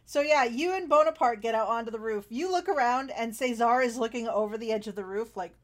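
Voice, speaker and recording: Fairly high-voiced woman game master. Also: fairly quick. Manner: chatty, laughs often, many fillers. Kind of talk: narrating a tabletop game.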